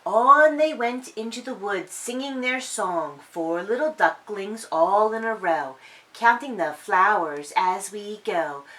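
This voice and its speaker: A woman reading a children's story aloud in a sing-song, expressive way. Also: mid-range voice, slow pace.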